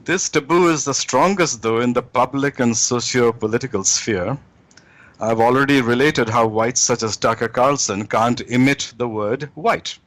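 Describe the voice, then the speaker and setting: A man being interviewed as a guest author, laying out his argument deliberately, often acting out quoted speech. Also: mid-range voice, fairly bright tone. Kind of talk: talk show interview.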